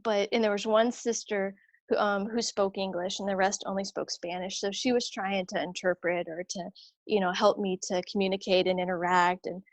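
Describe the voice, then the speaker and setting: A religious sister telling a personal story in a conversation, animated and chatty, acting out what others said. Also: female voice, mid-range voice, normal speed, no room sound. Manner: animated, acts out quoted voices; chatty, many fillers and restarts.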